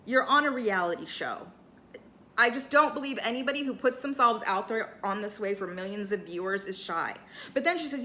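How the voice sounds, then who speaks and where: Bright, chatty woman recapping a reality show. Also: sits high, sing-song, a little fast. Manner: chatty, lots of "like" and "you know", acts out cast members' lines. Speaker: recap host. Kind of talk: casual recap commentary.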